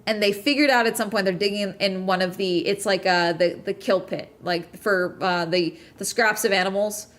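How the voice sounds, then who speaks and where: Animated, profane woman chatting. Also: medium pitch, moderate pace. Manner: animated, profane, frequent "okay?" check-ins. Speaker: podcast host. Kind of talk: casual chat recapping a true-crime documentary.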